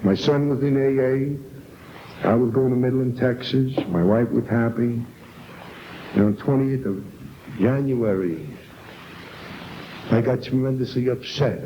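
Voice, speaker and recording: A middle-aged man from New York giving an earnest, emotional personal testimony at a recovery meeting, on an old 1970s tape. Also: mid-range voice. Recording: dull lo-fi 1970s tape with faint hiss.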